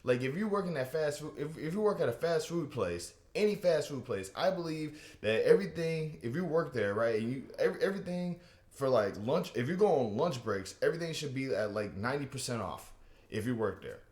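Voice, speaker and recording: A man doing a rambling, animated stand-up comedy rant, with many restarts and asides. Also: mid-range voice, a little fast, roomy sound.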